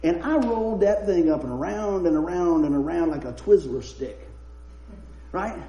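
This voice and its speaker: High-voiced preacher telling funny stories. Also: male voice, expressive, normal speed, warm tone, dull audio. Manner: chatty, laughing through anecdotes. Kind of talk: sermon with humorous storytelling. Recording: roomy echo.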